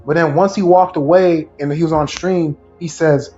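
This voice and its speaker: High-voiced animated podcast host man. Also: moderate pace, dull audio, soft background music. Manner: animated, slangy storyteller. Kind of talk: casual podcast discussion.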